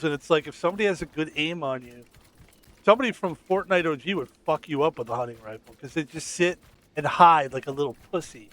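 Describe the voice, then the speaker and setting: A man's voice: fairly high pitch, a bit bright. Crude joking male game streamer. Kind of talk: casual gameplay commentary.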